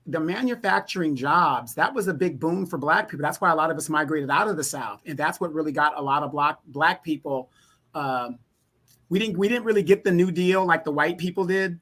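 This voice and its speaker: A man's voice: a little high, a little fast, fairly bright tone. A man co-hosting a casual discussion, explaining points at length with frequent restarts.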